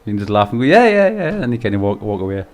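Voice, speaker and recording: A man's voice: on the low side, level tone, racing, a little mellow, slight background noise. Chatty man commentating a race stream. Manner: chatty, laughs often, swears casually. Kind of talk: casual live-stream commentary.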